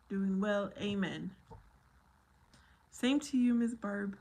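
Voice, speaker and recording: Slow-talking, giggly woman livestreamer. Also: medium pitch, darkish tone. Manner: giggly and playful, laughs often; talks to the viewers by name. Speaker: livestream host. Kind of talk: casual live chat answering viewer comments.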